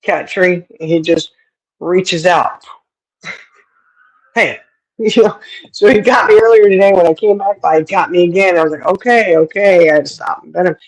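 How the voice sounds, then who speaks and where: A woman's voice: fairly low pitch, moderate pace, pauses often, low-quality recording. A middle-aged woman hosting a livestream, chatting casually and laughing often as she answers viewers. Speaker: livestream host. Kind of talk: casual chat. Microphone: streaming setup.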